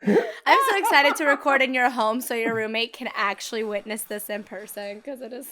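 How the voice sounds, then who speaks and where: A woman's voice: fairly high pitch, normal speed, bright, forceful tone. Giggly woman hosting a podcast. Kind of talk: casual podcast chat. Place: guest's home.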